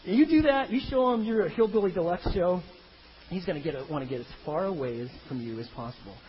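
A man delivers a sermon with a bright, high voice that swings widely as he jokes through the story. The recording is dull and lo-fi, with a faint hiss underneath. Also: fast talker. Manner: animated, comic, acts out biblical characters in funny voices. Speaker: pastor.

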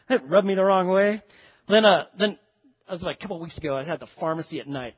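A man preaching a sermon, telling a parable with animated storytelling and acting out the characters' voices. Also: high-pitched, fast talker, slightly rough. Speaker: pastor. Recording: dull echoey hall.

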